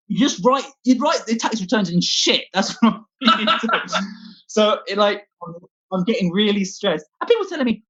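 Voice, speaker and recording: A man's voice: high-pitched, very animated, moderate pace, fairly bright tone, slightly rough, muffled recording. A man doing a scattered, self-deprecating stand-up set from home, swearing a lot as he talks. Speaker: stand-up comedian. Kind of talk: rambling online stand-up set.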